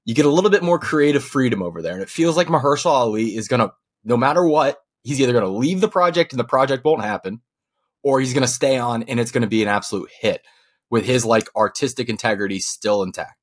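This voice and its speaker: A man's voice: mid-range voice, expressive, quick pace, breathy edge. A man co-hosting a casual movie podcast, talking enthusiastically and laughing between points. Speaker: podcast co-host.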